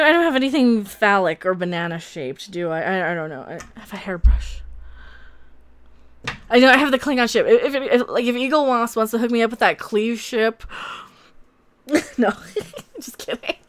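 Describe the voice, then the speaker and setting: A woman hosting a live stream, chatting casually with her viewers in a rambling, candid way and swearing freely. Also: mid-range voice.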